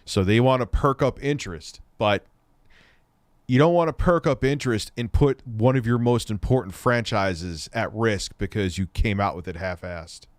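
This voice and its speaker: A man's voice: lowish voice, moderate pace, no echo. A man hosting a casual livestream Q&A, reading viewer questions aloud and answering in a rambling, profane way.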